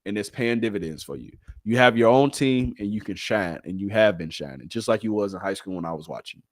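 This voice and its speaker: A man hosting a casual solo sports talk show, animated and full of slang, talking straight to his listeners. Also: lowish voice, brisk, dry recording, studio quality. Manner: animated, hyped, talks straight to the audience with slang. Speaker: sports podcast host.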